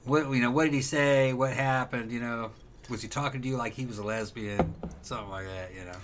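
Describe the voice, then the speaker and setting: A man's voice: mid-range voice, steady tone, fairly quick, fairly bright tone, slight background noise. A man co-hosting a casual podcast, chiming in with dry, wry quips. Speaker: podcast co-host.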